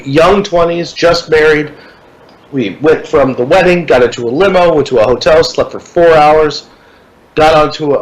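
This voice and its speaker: A man with a slightly high voice spins a long story in casual podcast chat. He is animated, curses freely and drops into put-on voices for the people in his tale. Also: poor audio.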